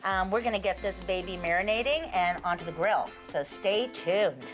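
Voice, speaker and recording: A woman's voice: mid-range voice, moderate pace, music in the background. A woman hosting a cooking show in a studio kitchen, talking with bubbly enthusiasm and laughing often. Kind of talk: lively cooking show banter.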